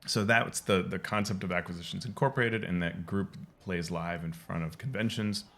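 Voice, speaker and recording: A man giving casual, rambling commentary over gameplay as he explains game lore, pausing often to restart his sentences. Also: deep voice, vocal fry, fairly bright tone. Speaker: game lore video host.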